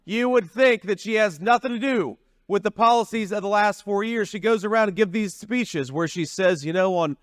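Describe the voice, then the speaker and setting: A man's voice: sits high, brisk, few pauses, no room sound, clean studio sound. A man giving a campaign rally speech, talking in a folksy, repetitive way with frequent restarts. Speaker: political candidate at a rally.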